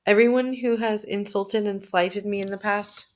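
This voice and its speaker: Reading her own journal entries aloud, this woman speaks in a mid-range voice. She keeps a measured, even pace with the occasional restart.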